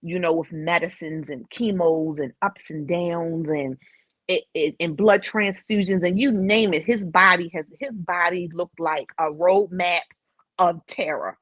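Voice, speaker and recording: A middle-aged woman, a podcast guest, telling a personal story in an emotional, animated way. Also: fairly low pitch, measured pace, dry recording. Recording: slightly dull dry recording.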